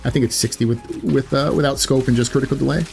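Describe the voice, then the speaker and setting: A man's voice: mid-range voice, fairly even intonation, fast talker, creaky, darkish tone, soft background music. A man giving casual gameplay commentary in a chatty way, correcting himself often with loose filler words. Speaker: gaming YouTuber.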